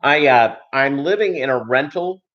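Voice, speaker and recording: Through slightly dull lo-fi stream audio, a middle-aged fish-keeping host chats on his aquarium livestream, joking, rambling, and spinning stories packed with fillers. He talks at normal speed in a mid-range voice with lively intonation.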